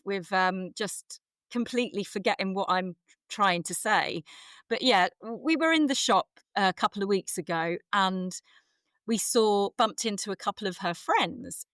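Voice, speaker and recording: A woman's voice: mid-range voice, no room sound, studio quality. A woman in her forties, a guest actress telling self-deprecating stories in casual chat with plenty of fillers. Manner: self-deprecating, animated storytelling with frequent fillers.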